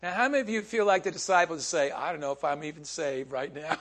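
High-voiced man preaching a casual sermon. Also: fast, few pauses, a bit bright. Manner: conversational, asks the congregation questions, laughs often.

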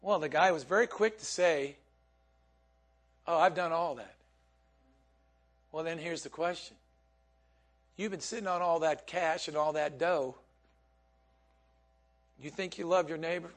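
A man's voice: on the high side, unhurried, pauses often. A man preaching a sermon in a conversational way, asking his listeners questions and laughing along with them. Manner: conversational, asks the congregation questions, laughs often.

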